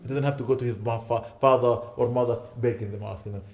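A man's voice: mid-range voice, fairly even intonation, fast talker, a little mellow, a little hiss or hum. A man giving an earnest sermon, pleading with his listeners and rising to indignant emphasis. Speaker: imam.

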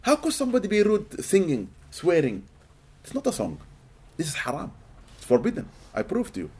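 A man from Sudan, giving an animated, expressive religious lecture to a live audience in a hall and often laughing. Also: high voice, brisk, slightly rough. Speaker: Islamic teacher.

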